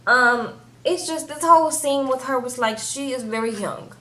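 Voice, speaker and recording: A woman with a fairly high voice chats about a reality show, loose and animated. She keeps tagging her points with "okay?" and "baby", close to the mic. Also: moderate pace. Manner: animated, chatty, says "okay?" and "baby" often. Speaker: TV show reviewer. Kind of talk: casual chat.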